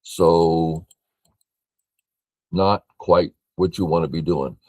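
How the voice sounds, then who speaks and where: An older man from California reviewing a board game as a teacher, thinking aloud in a slow, matter-of-fact way. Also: deep voice, steady tone, darkish tone, dry recording.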